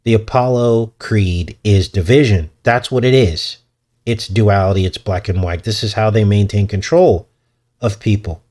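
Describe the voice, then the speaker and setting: A man's voice: lowish voice, measured pace, darkish tone. A man hosting a casual livestream, chatty and self-deprecating, often chuckling as he talks. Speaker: host.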